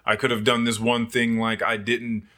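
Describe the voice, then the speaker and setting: A man chatting casually on a podcast, lively and self-mocking, often acting out his own past thoughts. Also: medium pitch, normal speed. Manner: animated, acts out his own past thoughts in quoted voices, laughs often. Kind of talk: casual chat.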